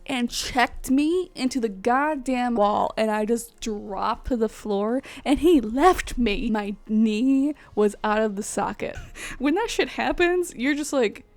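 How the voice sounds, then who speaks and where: A woman hosting a casual movie recap, swearing freely and telling the story with animated energy. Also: fairly high pitch, slow pace, dry recording, soft background music. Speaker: host.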